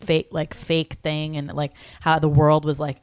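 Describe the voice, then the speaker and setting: A woman's voice: deep voice, completely flat delivery, unhurried, darkish tone, clear, resonant tone, no echo. A woman in her thirties co-hosting a podcast, chatting casually and rambling with many "like" fillers. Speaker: podcast co-host. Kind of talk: casual chat.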